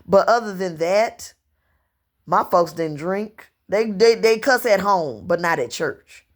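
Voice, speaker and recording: A woman in her fifties from Louisiana with a Southern accent, telling long personal stories to camera in an unhurried, rambling way. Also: fairly low pitch, animated. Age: 50s. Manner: unhurried storytelling, drawn-out phrasing, slips into dialect and quoted voices. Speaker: vlogger.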